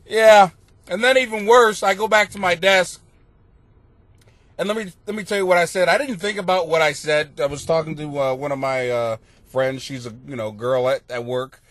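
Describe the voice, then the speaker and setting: On his comedy podcast, a man spins a meandering story full of profanity and keeps laughing through it. His pitch is fairly high, his intonation fairly even, his tone fairly bright, and he talks at normal speed with no room sound.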